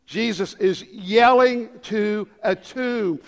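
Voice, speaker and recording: A man in his fifties preaching a sermon, swinging from loud dramatic calls to hushed low lines. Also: unhurried. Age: 50s. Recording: long hall reverb.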